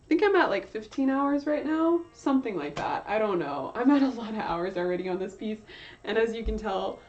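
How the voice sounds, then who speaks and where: A young woman on her art livestream chats casually while drawing, rambling with plenty of fillers and correcting herself as she goes. Her voice is on the high side, animated and a little fast. Slight background noise comes through the slightly dull, lo-fi stream audio.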